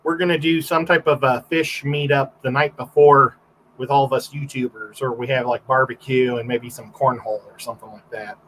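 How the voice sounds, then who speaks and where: A man's voice: medium pitch, steady tone, a little fast, fairly bright tone, slight background noise, rough recording. A man, a photographer, guesting on a livestream and telling rambling stories in casual chat, full of fillers and restarts.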